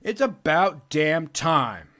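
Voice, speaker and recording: A man vlogger tells a rambling story in a profane, repetitive rant. His bright voice sits fairly high and swings a lot in pitch. He keeps it casual and animated. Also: slow pace.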